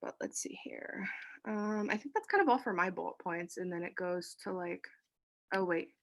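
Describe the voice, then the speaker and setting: A woman's voice: fairly low pitch, animated, normal speed. A young woman, out of breath, giving a chatty team pep talk, full of fillers and casual swearing. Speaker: team leader. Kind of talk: casual motivational team chat.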